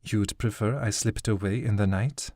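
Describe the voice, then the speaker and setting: A man's voice: on the low side, moderate pace, dry recording, studio quality. A man voicing a young woman who talks bluntly and sharply, with sadness underneath. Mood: resolute. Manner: sharp yet sad, blunt. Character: resolute young woman warrior, leaving her friends.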